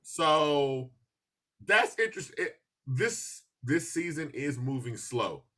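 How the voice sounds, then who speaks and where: A man hosting a podcast in casual chat, telling stories with lots of laughter and animated asides. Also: fairly high pitch, slow pace. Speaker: podcast host.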